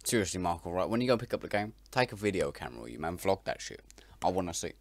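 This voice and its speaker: Mocking man, low lively voice. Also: fast, no echo. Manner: mocking, stammering, bursts into loud laughter. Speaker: reaction video host. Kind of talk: profane comedic reaction commentary.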